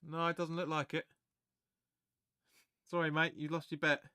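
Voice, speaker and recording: Male fan host, bright raised voice, dry close mic, excitable live match chatter. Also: a little high, normal speed, clear, resonant tone, dry recording. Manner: excitable, chatty, swears, reads viewer comments aloud. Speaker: fan watch-along host. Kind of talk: live match watch-along commentary.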